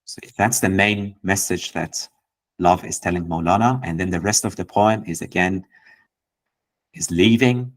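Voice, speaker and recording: A man with a very low voice leads a gathering and explains a poem line by line. He talks gently and thoughtfully, often stopping to restart a phrase as he searches for words. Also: measured pace, poor audio. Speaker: host explaining poetry. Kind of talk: reflective teaching talk.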